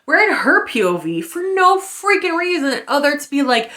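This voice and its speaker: A woman's voice: high-pitched, very animated, moderate pace, bright, forceful tone. A woman in her thirties ranting casually in a book review, blunt and sarcastic, swearing freely with lots of fillers.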